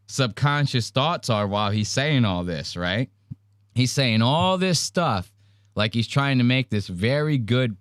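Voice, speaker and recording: Loud profane mocking podcast host man. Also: mid-range voice, no room sound, studio quality. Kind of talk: casual commentary podcast.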